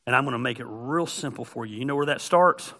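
A middle-aged male pastor giving a conversational, joking sermon that builds to loud, emphatic peaks. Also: mid-range voice, quick pace.

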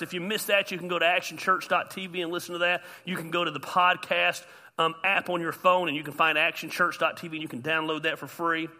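A man, a pastor preaching an animated sermon with self-deprecating humor. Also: sits high. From US South.

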